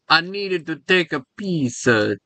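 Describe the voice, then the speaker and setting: Bright-voiced joking man. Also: on the high side, no echo. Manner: joking, slips into mock accents. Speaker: gaming channel host. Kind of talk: casual gameplay chat.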